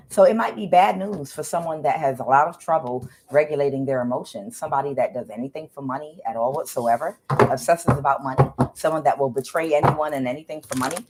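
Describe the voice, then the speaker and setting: Very deep-voiced hesitant woman tarot reader. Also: a little mellow. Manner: hesitant, full of filler sounds, repeats herself. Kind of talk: casual tarot reading.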